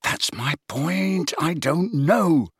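A man's voice: medium pitch, lively intonation, measured pace, no room sound, studio quality. A man voicing a stubborn teenage boy insisting on his suspicions. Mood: insistent.

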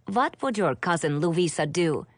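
A woman's voice: lowish voice, expressive, a little slow, no echo. Woman voicing earnest little boy prince, plaintive and startled, storybook reading.

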